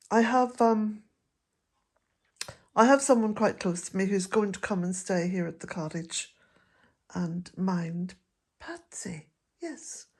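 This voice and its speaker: An older woman, chatting to camera in a gentle, rambling way and chuckling often. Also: medium pitch. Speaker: vlogger. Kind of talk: casual chat to camera.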